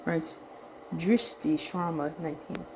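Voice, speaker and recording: A woman's voice: sits low, steady tone, unhurried, noisy background. A woman reading tweets aloud in a vlog and reacting between them, with loose asides, swearing and trailing thoughts, a little winded. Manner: laid-back, muttering asides and swear words, trailing off. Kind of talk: casual commentary reading tweets.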